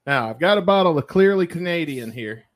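A man hosting a casual chat, laid-back and quick to laugh. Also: a little high, expressive. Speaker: podcast host.

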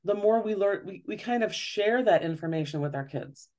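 A woman's voice: medium pitch, lively intonation, moderate pace, dark tone. A woman, a parenting author, talking earnestly in an interview and often acting out the questions she describes. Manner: earnest, explanatory, often acts out quoted questions. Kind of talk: conversational interview.

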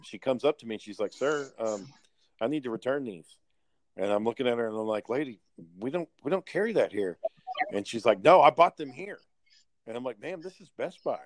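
A man's voice: medium pitch, no room sound. Man, casual storyteller, blunt and profane, dry close sound.

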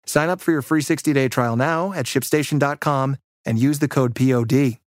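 A man reading a scripted sponsor ad in a smooth, steady sales pitch. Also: normal speed, no room sound, studio quality. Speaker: ad reader. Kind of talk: scripted ad read.

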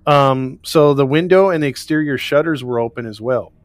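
A man's voice: mid-range voice, normal speed. A man co-hosting a casual chat, recounting a case in a rambling way with restarts and laughs. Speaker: podcast co-host recounting a case.

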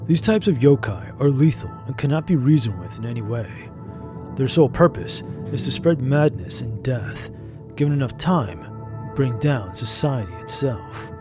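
A man narrating a first-person story in an even, measured way. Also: mid-range voice, over music.

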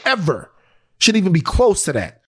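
A male podcast co-host from Louisiana telling a story in casual, animated chat, swearing freely. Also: high-pitched, normal speed, breathy edge.

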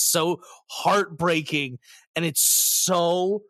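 A man's voice: fairly high pitch, steady tone, slow pace, a bit bright, no echo. Effusive man chatting, dry close sound. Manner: enthusiastic, effusive. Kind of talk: casual podcast chat.

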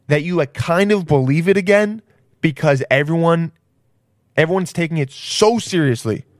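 A man's voice: fairly high pitch, dry recording, studio quality. A man hosting a comedy podcast, rambling crudely and laughing at his own jokes. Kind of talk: casual comedy podcast monologue.

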